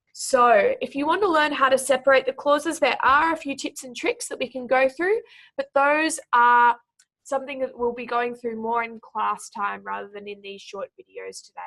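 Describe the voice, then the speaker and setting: A woman tutoring for a speaking exam, who slows down to stretch out words syllable by syllable when she models their pronunciation. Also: sits high, gravelly, a bit bright.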